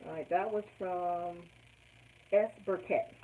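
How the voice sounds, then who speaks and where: A woman's voice: fairly low pitch, steady tone, slow. A woman hosting a casual live stream, reading viewers' comments aloud and laughing often. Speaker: quilting channel host. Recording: tinny phone-like sound with loud background noise.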